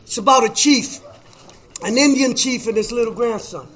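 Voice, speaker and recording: A middle-aged man telling his recovery story to a meeting, emotional, with a preacher-like rhythm, going from hushed to shouting and repeating "man.". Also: very high voice, moderate pace, reverberant, poor audio. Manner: preacher-like, repeats phrases, says "man" often. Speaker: recovery speaker at a fellowship meeting. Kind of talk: personal testimony to an audience.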